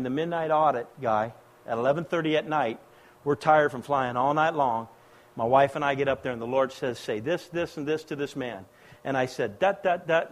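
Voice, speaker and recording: Pastor, male, middle-aged, from the US, high voice, impassioned sermon delivery that rises loud then drops to a hush. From United States. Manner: impassioned, swings between loud exhortation and hushed quoting.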